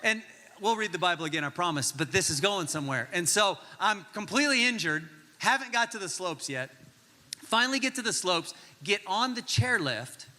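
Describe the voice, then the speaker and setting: A male pastor in his forties tells a comic story from the stage, and his voice sits high and very bright. He is animated and jokey, acting out the people in his story. The sound carries a long reverb from a large church hall. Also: moderate pace.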